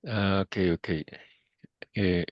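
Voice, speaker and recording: Slow hesitant low-voiced male student. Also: fairly even intonation, dry recording. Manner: slow, hesitant, self-correcting. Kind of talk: answering in class. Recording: muffled lo-fi audio.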